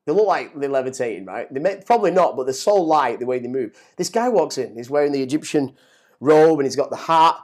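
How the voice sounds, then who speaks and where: A middle-aged man telling a story as a guest, animated and swearing, often repeating words as he gets excited. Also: mid-range voice, fairly quick. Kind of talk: casual storytelling.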